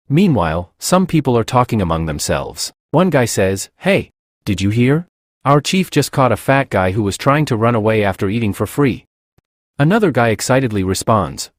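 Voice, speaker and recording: A man's voice: moderate pace, dry recording, clean studio sound. A man reading a comic recap as narrator, doing every character's lines in one plain voice. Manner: reads every part in one plain voice, lively pitch.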